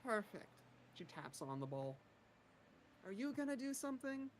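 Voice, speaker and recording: A player voicing a brash, impatient woman adventurer who calls out loudly and presses for answers, in their own everyday voice. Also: medium pitch, sing-song, moderate pace, a little hiss or hum, pitched above the performer's own voice, natural voice.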